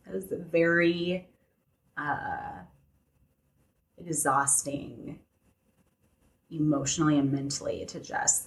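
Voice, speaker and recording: A woman's voice: low-pitched, fairly bright tone. A young adult woman, a podcast guest, telling a personal story candidly in conversation, filling her speech with "like" and "you know.".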